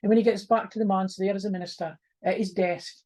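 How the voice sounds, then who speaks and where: A woman with a North-east Scots accent telling a folk tale in a lively, homely way, mixing in broad Scots words. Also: medium pitch, fast talker. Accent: North-east Scots (Doric). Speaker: storyteller. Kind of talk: oral folk storytelling.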